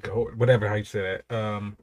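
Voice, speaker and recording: A man's voice: lowish voice, level tone, brisk, darkish tone. A young man giving casual, rambling commentary while reacting to music, with frequent repeated praise.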